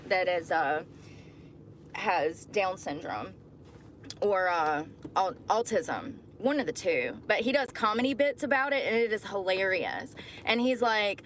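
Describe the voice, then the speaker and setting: A woman's voice: mid-range voice, animated, a little slow, a bit bright, a little hiss or hum. A woman telling a personal story casually to her livestream viewers, calling them y'all. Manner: chatty, addresses viewers as y'all.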